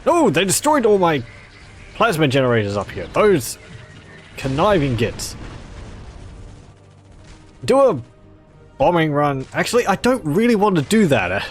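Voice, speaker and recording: A man's voice: a little high, huge pitch swings, measured pace, long pauses, soft background music. A man casually commenting on a strategy game, chatty and rambling, with jokey asides. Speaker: gameplay commentator.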